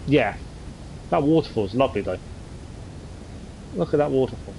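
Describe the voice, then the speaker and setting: A man's voice: mid-range voice, expressive, normal speed, darkish tone, slight background noise, low-quality recording. A man chatting casually as he streams a game and reads its text aloud. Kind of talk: live gameplay commentary.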